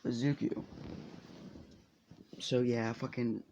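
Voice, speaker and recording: A man's voice: medium pitch, flat delivery, slow, creaky, a little mellow, a little hiss or hum. A man casually telling a fan story, rambling with lots of fillers and swearing.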